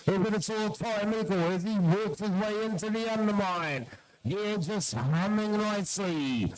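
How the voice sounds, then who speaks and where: A man's voice: high voice, rough recording. A man giving live commentary at a shearing competition, calling out competitors' names and urging them on.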